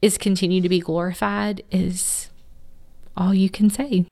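A woman's voice: mid-range voice, flat delivery, measured pace, creaky, darkish tone. A woman who directs an adoption agency, speaking as an interview guest in an earnest, heartfelt, faith-filled way.

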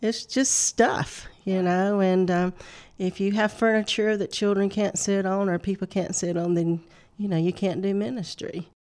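A woman's voice: medium pitch, steady tone, normal speed, a little mellow. A middle-aged woman tells a personal story on a faith talk show. She laughs easily and talks with a mid-range voice. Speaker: guest.

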